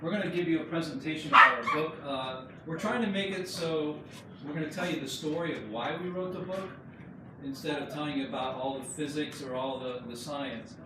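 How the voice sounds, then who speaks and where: A man's voice: a little high, fairly quick. A man giving an informal slideshow talk about his book to friends and family, telling the story in a chatty, joking way. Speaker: book co-author presenting his book. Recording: echoey room, distant mic, background noise.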